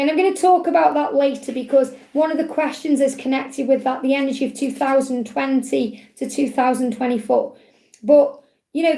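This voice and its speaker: A woman with a Stoke-on-Trent accent, chatting warmly and digressively as she answers viewers' questions in a live card reading. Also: sits high, reverberant. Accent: Stoke-on-Trent English. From England. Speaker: spiritual reader.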